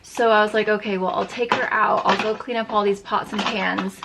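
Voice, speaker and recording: A woman's voice: medium pitch, fairly even intonation, normal speed, background noise. A woman in her thirties telling a rambling story while doing her makeup, full of "like" and sometimes dropping to a near whisper. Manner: chatty, lots of "like", drops to a near whisper at times. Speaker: beauty vlogger.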